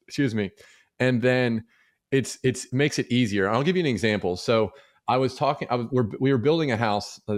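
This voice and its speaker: A middle-aged man talking as a guest in a casual interview, relaxed and rambling with many fillers and asides. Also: fairly low pitch, clear, resonant tone. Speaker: guest, real estate investor.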